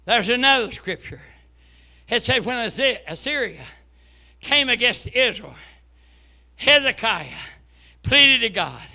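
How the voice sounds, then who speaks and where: A man, preaching a fervent sermon and often shouting hallelujah. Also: very high-pitched, very animated, slow pace, gravelly, pauses often, lo-fi sound. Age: 70s. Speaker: pastor.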